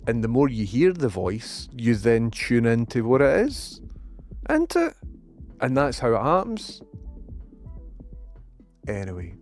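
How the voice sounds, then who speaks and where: A Scottish man hosting a live stream in a loose, excitable chat. His voice sits at an ordinary middle pitch, and he swears freely as he reads out viewers' messages. Faint music plays quietly under his talk. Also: slow, pauses often. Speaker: livestream host.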